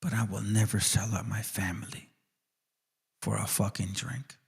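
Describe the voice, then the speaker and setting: A man's voice: on the low side, steady tone, moderate pace, vocal fry, slightly rough. A man hosting his channel, ranting in a confrontational, profane monologue aimed directly at people. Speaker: channel host.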